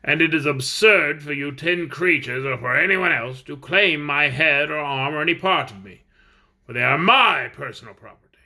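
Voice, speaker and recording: A man's voice: a little high, normal speed, bright, forceful tone, heavily acted. A man voicing a scowling, rude man who speaks with a growl. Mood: scornful. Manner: growling, scornful.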